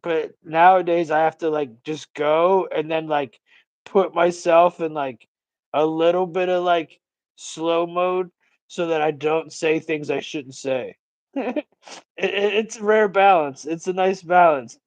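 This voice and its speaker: Profane, rambling man with a high voice. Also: steady tone, a little slow, no echo, low-quality recording. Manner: rambling, profane, ranting storyteller. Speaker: livestream host. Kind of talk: casual livestream chat.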